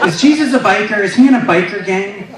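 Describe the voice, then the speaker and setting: A man's voice: sits high, lively intonation, quick pace, a loud crowd, very noisy, pitched above the performer's own voice. A man plays a flustered mother asking baffled questions in a slightly raised voice. It echoes through a roomy venue, picked up from a distance. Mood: incredulous. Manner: incredulous questioning. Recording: echoey club from a distant mic.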